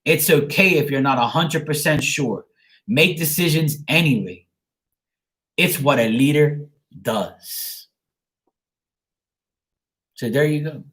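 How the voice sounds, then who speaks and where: Guy doing a tarot reading live, blunt and chatty, kinda high voice, says hi to viewers. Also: takes it slowly, long pauses, fairly bright tone. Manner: frank, chatty, greets viewers by name. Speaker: tarot card reader. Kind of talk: live-streamed casual card reading.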